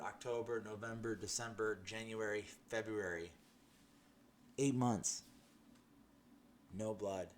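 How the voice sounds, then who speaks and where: A man's voice: on the low side, a little hiss or hum. A man telling a personal testimony in a casual, emphatic way, with restarts and laughter. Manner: excited, laughing, emphatic storytelling with many restarts. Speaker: testimony speaker.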